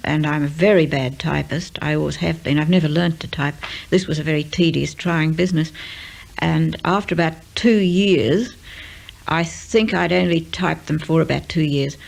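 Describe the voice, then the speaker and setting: An older woman, a radio serial writer, talking in an unhurried way with frequent ums and uhs. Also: deep voice, gravelly, a little mellow, poor audio. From Australia. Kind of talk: relaxed interview and dictation.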